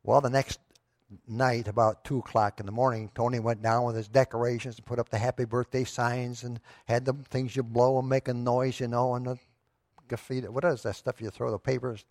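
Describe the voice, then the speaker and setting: A man's voice: mid-range voice, flat delivery, brisk, a little mellow, no room sound, studio quality. A pastor preaching a sermon to his church, telling a story in a conversational way that rises to emphatic moments.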